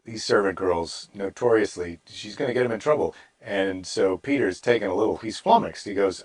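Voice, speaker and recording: A man's voice: lowish voice, moderate pace, few pauses, husky. A middle-aged man, a comedian hosting a daily show, reading a Bible story aloud and breaking off into wry, rambling asides.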